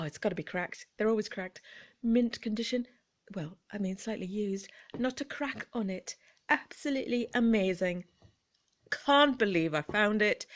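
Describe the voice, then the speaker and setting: A woman vlogging in a relaxed storytelling chat, gentle and chatty with frequent laughs and quiet asides. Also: medium pitch.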